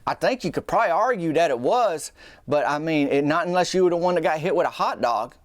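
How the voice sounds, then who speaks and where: A man tells a comic tall tale in a rambling, folksy drawl that keeps circling back on itself. His voice sits a little high for a man. The recording is close and dry, with no room sound. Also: lively intonation, fast, no room sound. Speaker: storyteller host. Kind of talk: comic storytelling monologue.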